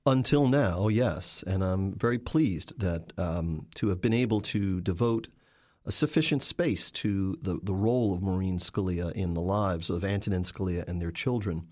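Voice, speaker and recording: Low-voiced man telling stories. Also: normal speed, darkish tone. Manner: storytelling, with vivid, emphatic narration. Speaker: journalist and author guest. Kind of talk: interview answers.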